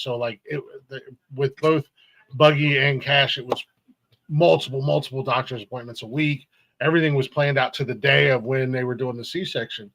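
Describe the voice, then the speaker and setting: A middle-aged man on a casual podcast, his gravelly voice recorded dry and close. He stops and restarts often, filling the gaps with "uh" and "like". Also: medium pitch, fairly even intonation, a bit bright, no room sound, poor audio. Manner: rambling, halting with many fillers. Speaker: podcast co-host.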